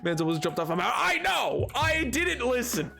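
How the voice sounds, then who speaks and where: A young man streaming a game, chatting casually and jokily, swinging between mumbling asides and sudden shouts. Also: very high-pitched, very animated, moderate pace, vocal fry, faint music behind. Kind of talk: casual live-stream chatter while gaming.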